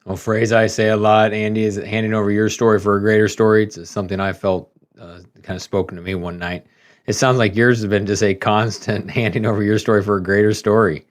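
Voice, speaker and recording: A man's voice: on the low side, little pitch movement, fairly quick. A man hosting a podcast interview, asking reflective, searching questions with some fillers. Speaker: podcast host.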